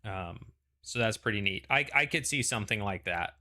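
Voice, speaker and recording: A man's voice: on the low side, expressive, moderate pace, pushed and bright. A man hosting a casual panel chat, rambling with lots of "like" and "you know" and frequent restarts. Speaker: show host.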